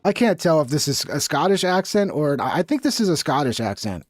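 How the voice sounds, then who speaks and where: Chill streamer guy rambling about clips, kinda high voice, dry mic. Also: very animated, fairly quick, no echo. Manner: laid-back, rambling, slangy asides. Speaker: streamer host. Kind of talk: casual chat reacting to clips.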